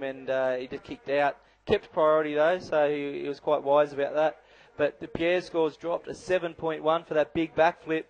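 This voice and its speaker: A man with a voice on the high side gives live color commentary on a bodyboarding contest, heard through dull audio. He is chatty and analytical, saying "you know" a lot.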